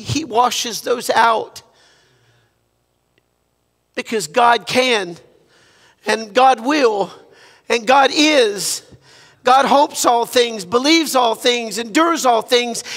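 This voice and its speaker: A man's voice: extremely high pitch, extremely slow, creaky, long pauses, a bit bright, big-room sound. A man from Louisiana preaching a sermon as a guest pastor, impassioned and repetitive, moving into prayer. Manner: impassioned preaching, repeats phrases, ends in prayer. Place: church sanctuary.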